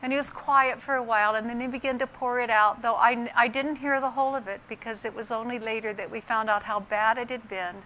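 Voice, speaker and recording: Bright-voiced older woman telling a story. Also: a little high, steady tone, brisk, few pauses, a little hiss or hum. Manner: earnest, reflective storytelling with scripture. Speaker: speaker sharing a personal story. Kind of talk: personal testimony talk.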